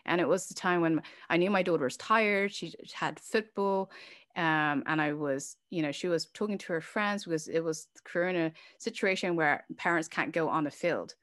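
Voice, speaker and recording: A woman's voice: low-pitched, moderate pace, a bit bright, no echo, studio quality. A middle-aged woman, a guest on an interview show, telling a personal story candidly and with feeling, with many fillers and restarts. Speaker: interview guest, organization founder.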